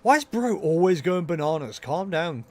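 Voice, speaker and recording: A man's voice: fairly high pitch, sing-song, normal speed. A man chatting casually as he streams a video game, joking at his own expense. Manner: chatty, self-mocking, jokey asides. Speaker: gaming livestreamer. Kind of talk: casual live commentary while playing.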